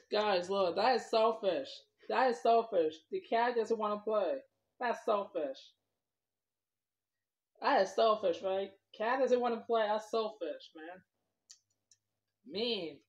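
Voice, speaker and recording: Slow-talking woman telling kids a story. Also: fairly high pitch, darkish tone. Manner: talks to kids as boys and girls, loose and rambling. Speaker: storyteller vlogger. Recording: dull lo-fi recording.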